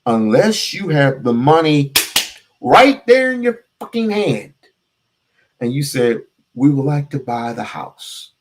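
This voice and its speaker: This is a man with a higher-than-usual voice, giving casual stream commentary. His pitch and loudness swing widely as he drives his points home. He talks straight to his audience, swearing and throwing out rhetorical questions. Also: takes it slowly. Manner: animated and emphatic, cursing, with big swings in pitch and loudness. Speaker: host reacting to a clip.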